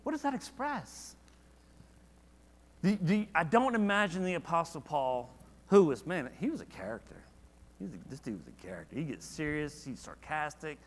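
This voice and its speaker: Slightly high-voiced and moving at a moderate pace, a man guides a church Bible study in a room with a big, open sound. He keeps the tone informal and conversational, asks the class plenty of questions, and livens up when reading verses aloud.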